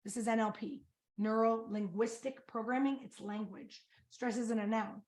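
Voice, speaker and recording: A high-pitched, lively woman coaching through a webinar. She talks with energy and keeps throwing questions at her listeners to pull them in. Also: normal speed. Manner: energetic, quizzes the audience with questions. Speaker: coach and presenter. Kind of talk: webinar presentation.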